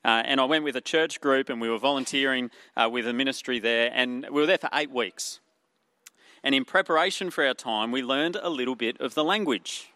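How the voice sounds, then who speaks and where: A man's voice: medium pitch, fairly quick, sharp tone, dry recording. A man with an Australian accent preaching a sermon in an earnest way, asking rhetorical questions and using fillers.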